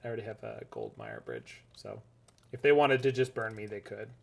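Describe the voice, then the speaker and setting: A man casually commenting on his own card game matches, chatty and jokey, swinging between enthusiastic bursts and low mutters. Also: wildly swooping pitch, brisk, vocal fry. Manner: chatty, rambling, jokey, laughs often. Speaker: gaming streamer.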